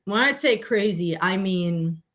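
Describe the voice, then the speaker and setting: A woman's voice: mid-range voice, animated, unhurried, fairly bright tone. A woman hosting a podcast on a live stream, talking casually and rambling, with many fillers and self-corrections. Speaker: podcast host.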